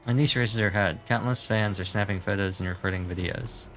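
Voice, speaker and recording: A man's voice: on the low side, fairly even intonation, a little fast, a bit bright, faint music behind. A man streaming his reaction to a game, musing casually and reading the story text aloud.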